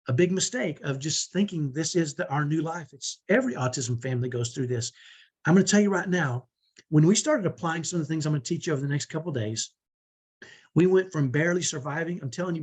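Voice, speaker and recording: Man in his 50s, husky and a touch high, talks direct and pumped up like a coach. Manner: earnest, motivational, direct. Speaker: parenting coach. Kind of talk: online training talk.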